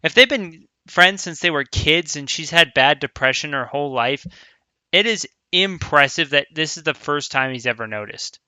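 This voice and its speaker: A man playing a visual novel for his channel, blurting loud, emotional reactions and swearing as he goes. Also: on the high side, animated, moderate pace, clean tone, no echo. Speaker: let's play streamer. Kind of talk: casual reaction commentary.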